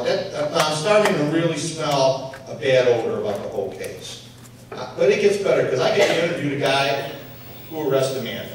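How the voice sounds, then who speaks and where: Echoey, distant Chicago-accented man speaking at a forum. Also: fairly high pitch. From Chicago area, United States. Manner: animated, blunt and streetwise, raises his voice for emphasis. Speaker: panel speaker, former investigator. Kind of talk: storytelling talk at a public forum. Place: university pavilion before an audience. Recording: very echoey hall, distant mic, faint hiss.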